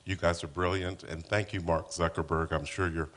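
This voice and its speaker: A man's voice: low-pitched, steady tone, moderate pace, fairly bright tone. A man, a physician, asking an earnest, long-winded question from the audience.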